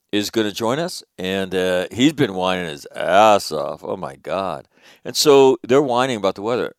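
A middle-aged man from Northern California hosting a radio show, telling a long, rambling, profane story with lively quoted asides. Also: low voice, no echo, clean studio sound. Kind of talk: casual storytelling monologue.

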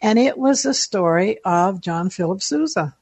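Older woman guest, 70s, rambling and chatty with a self-deprecating streak, mid-pitched, dry close mic. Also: animated, moderate pace, darkish tone, slightly rough, no echo. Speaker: listener guest. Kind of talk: casual interview storytelling.

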